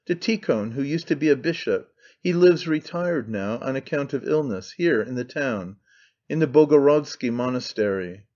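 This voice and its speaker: A man's voice: mid-range voice, lively intonation, normal speed, darkish tone, lightly acted. A man reading an audiobook voices a frantic, impassioned man who pleads and accuses with intensity. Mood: insistent. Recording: slightly dull lo-fi sound.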